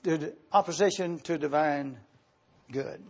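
A man preaching a sermon in a high, husky voice, unhurried and deliberate as he spells out Greek words letter by letter. The recording is muffled and lo-fi, like an old church tape. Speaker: pastor.

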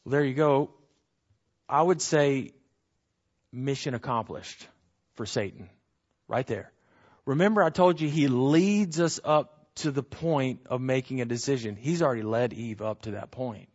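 A man giving a conversational Bible teaching, animated, asking rhetorical questions and acting out the quotes he reads. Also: medium pitch, unhurried, lo-fi sound.

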